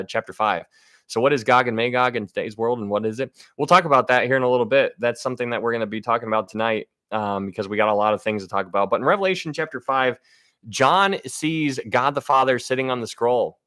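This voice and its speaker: A man's voice: medium pitch, fairly bright tone, no room sound, studio quality. A man giving a casual Bible teaching on a livestream, speaking to viewers with enthusiasm and frequent restarts.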